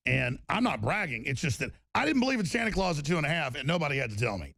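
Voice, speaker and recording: A man's voice: a little high, big pitch swings, fast, creaky, hardly any pauses, fairly bright tone, dry recording. A man hosting a political talk radio show, ranting emphatically and restarting his sentences over and over. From Texas.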